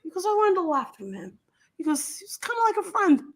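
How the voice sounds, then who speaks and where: High-voiced woman telling a story, lots of swearing and laughing, drops low to quote people. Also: very animated, a little fast. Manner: profane, laughing storyteller, quotes others in a lowered voice. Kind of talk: casual storytelling chat.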